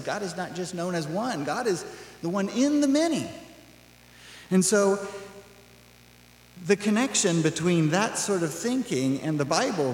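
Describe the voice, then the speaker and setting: Man, pastor, casual sermon, lightly high voice, echoey church hall. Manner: conversational, animated, acts out quoted voices with laughs. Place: church sanctuary.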